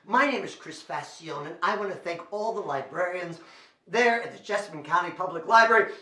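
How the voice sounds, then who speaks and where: A man's voice: high-pitched, animated, brisk, bright, forceful tone, a little hiss or hum. A man performing a playful comic juggling act for children and talking straight to the young audience at home. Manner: playful, talks to the kids at home. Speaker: children's entertainer. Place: library show recorded on video. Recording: echoey room.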